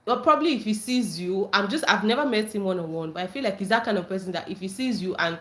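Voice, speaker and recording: A woman's voice: medium pitch, animated, fast talker, a bit bright. A woman hosting a casual livestream, reading viewer comments aloud and reacting with frequent laughter and squealed greetings. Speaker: livestream host.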